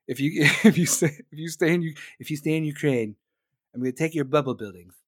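Man putting on a brash bossy old president voice, low and pushy, blunt repeated phrases, comedy bit. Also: a little fast, no echo, clean studio sound, lightly acted. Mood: bullying. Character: brash boastful older male president, deal-making.

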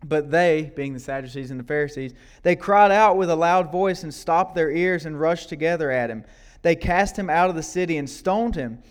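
A man's voice: on the high side, normal speed, smooth. A man preaching a sermon to a congregation in a loose, conversational way. He often adds "right?" to his lines and repeats his words. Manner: questions and prompts the congregation. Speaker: guest preacher. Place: church service before a congregation.

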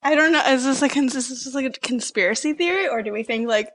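A woman guest-hosting a podcast in casual chat, giggly and animated as she tells stories. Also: high-pitched, fast talker, dry recording. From Chicago area. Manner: giggly, chatty, animated storytelling. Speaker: guest co-host.

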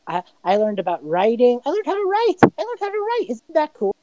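Brief: squeaky, eager doppelganger girl played by a woman, high and bouncy, dry close sound. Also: wildly swooping pitch, a little fast, dark tone, no echo, lo-fi sound. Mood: giddy. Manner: eager, childlike chatter. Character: young doppelganger copying a woman, giddy.

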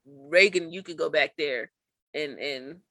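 A woman's voice: deep voice, a little slow, bright, forceful tone, dry recording. A woman co-hosting a podcast, chatting casually about sports, laughing often and doubting her own picks. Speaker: podcast co-host.

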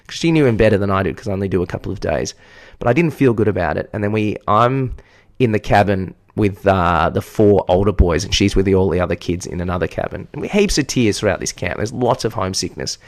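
A man's voice: deep voice, animated, quick pace. An Australian man, a podcast co-host and part-time teacher, telling a rambling, self-mocking story in casual chat and swearing freely.

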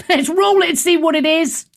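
A woman hosting a talk show, chatting casually in an animated, sarcastic and theatrical way. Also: very high-pitched, normal speed, a little hiss or hum. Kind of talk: casual opinionated chat.

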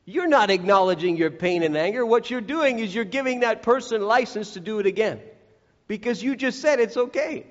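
A man's voice: high voice, expressive, normal speed. A man preaching a sermon, earnest and direct, who acts out the voices he quotes. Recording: echoey hall, dull lo-fi sound.

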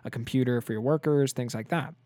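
A young man co-hosting a podcast, chatting casually and telling animated stories full of filler likes. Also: medium pitch, quick pace, no room sound. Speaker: podcast co-host. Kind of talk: casual chat.

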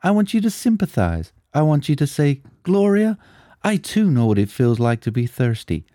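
A needy woman who wants sympathy more than water, as a man puts her on. The pitch goes high and the words are stretched out. The tone is mellow and the sound is dry and close. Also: sing-song, normal speed, dry recording. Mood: plaintive. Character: woman named Gloria craving sympathy.

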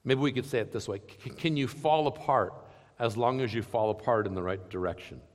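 Earnest preacher in a reverberant sanctuary. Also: male voice, a little fast. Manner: earnest, questioning, dropping to soft lows. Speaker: pastor. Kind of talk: sermon. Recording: long hall reverb.

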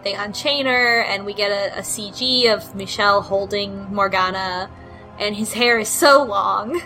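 A woman's voice: mid-range voice, a little slow, bright, forceful tone, faint music behind, rough recording. A woman in casual chat, animatedly retelling a story game and laughing often. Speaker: podcast co-host recapping a story game.

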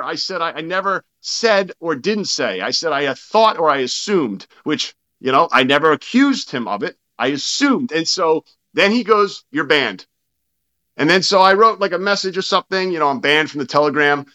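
A man with a high, bright, forceful voice talks as a guest on a podcast. He tells his story bluntly, with plenty of swearing, and replays his own side of past arguments. The audio sounds dull and lo-fi. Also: animated, moderate pace. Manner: blunt and profane, retelling arguments in his own quoted words. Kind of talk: casual interview storytelling.

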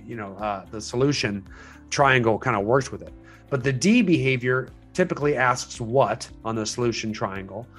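A man's voice: medium pitch, a bit bright. Man coaching agents, conversational, restarting. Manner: conversational, explanatory, frequent restarts and fillers. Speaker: real estate sales coach. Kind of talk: teaching a training session.

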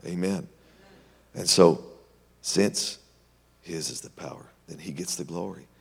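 Deep-voiced male preacher in a reverberant hall. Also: measured pace, gravelly, slightly rough. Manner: animated storytelling, swings between loud and hushed. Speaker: pastor. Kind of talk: sermon.

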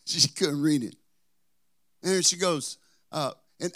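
A man preaching as a pastor, telling a story, moving between quiet asides and emphatic points. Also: on the high side, unhurried, long pauses. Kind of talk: sermon with personal storytelling.

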